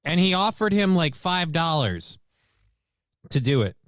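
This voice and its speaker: A man's voice: fairly high pitch, big pitch swings, measured pace, a bit bright, dry recording, studio quality. A man co-hosting a morning radio show, teasing his partner and chiming in to finish the stories in casual banter.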